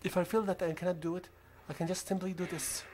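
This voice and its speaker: A gamer with a non-native accent narrating a stealth game in a calm, coaching way, often dropping to a whisper. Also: mid-range voice, fast talker. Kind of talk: gameplay commentary.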